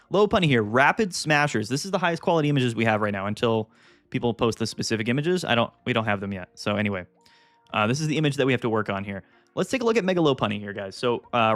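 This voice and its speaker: Excitable man hosting a live stream. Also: mid-range voice, dry recording. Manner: excitable, thinks aloud, frequent fillers, jumps between topics. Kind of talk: casual live-stream commentary.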